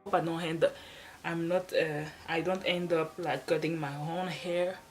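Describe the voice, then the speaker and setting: A woman's voice: sits low, fairly even intonation, normal speed, faint music behind, rough recording. A woman vlogger chatting casually to the camera at home, rambling along with frequent restarts and little laughs. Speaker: hair-care vlogger. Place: at home, seated in front of a wall. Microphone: camera placed off to the side.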